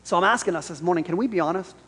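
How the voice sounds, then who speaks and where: A pastor preaching a Sunday sermon in an animated style, repeating his key phrases for emphasis. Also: high-pitched, racing, breathy edge, long reverb tail.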